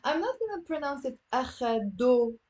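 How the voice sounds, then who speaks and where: A woman with a Lebanese accent teaching a live online language class, lively and encouraging, mixing English with Arabic. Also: a little high, normal speed.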